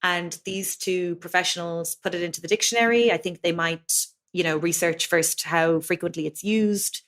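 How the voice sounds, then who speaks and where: A woman's voice: on the low side, steady tone, normal speed, a bit bright. Irish woman explaining like a teacher. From Ireland. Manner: explanatory, gives many examples in a teacherly way. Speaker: guest, Irish language teacher. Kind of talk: conversational interview.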